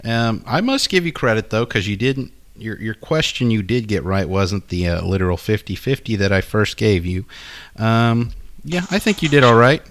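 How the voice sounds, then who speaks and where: Low-voiced man hosting a rambling quiz. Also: lively intonation, moderate pace, fairly bright tone. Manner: rambling, many fillers, teasing. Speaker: podcast host. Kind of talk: casual chat, quizzing a co-host.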